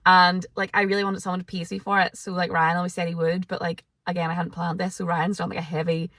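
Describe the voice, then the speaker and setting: A woman's voice: lowish voice, little pitch movement, quick pace, fairly bright tone. A young adult woman vlogging to camera in a casual, chatty way, full of filler words.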